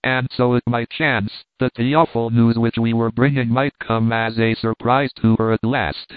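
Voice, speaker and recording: A male audiobook narrator reads a first-person story in a measured, earnest way at a middle pitch. The sound is thin and phone-like, dry and close with no room echo. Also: flat delivery, clean tone.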